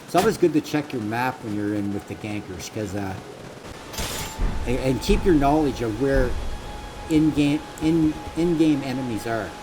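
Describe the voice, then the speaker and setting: A man's voice: medium pitch, noisy background. A man casually commentating on his own gameplay, swearing freely and voicing his inner thoughts as he goes. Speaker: gaming commentator. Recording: loud game music behind the voice. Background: loud game music.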